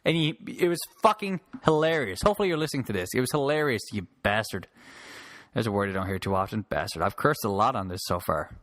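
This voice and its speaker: Talking fast with few pauses, a male podcast host rambles casually on his solo show, restarting sentences and swearing freely. His mid-range voice is expressive and a bit bright, and with the handheld mic held close there's no echo.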